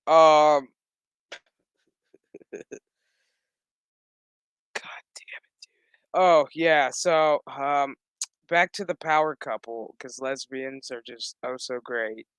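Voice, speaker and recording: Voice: medium pitch, steady tone, very slow, pauses often, a bit bright, smooth, no room sound. Sarcastic, profane recap vlogger. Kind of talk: casual recap commentary.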